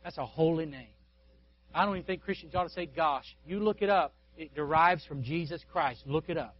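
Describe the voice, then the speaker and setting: A man preaching a sermon, telling a story with asides to the pastor and congregation, swinging between loud exhortation and hushed quiet. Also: a little high, moderate pace, slight background noise. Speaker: guest preacher. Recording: dull lo-fi sound.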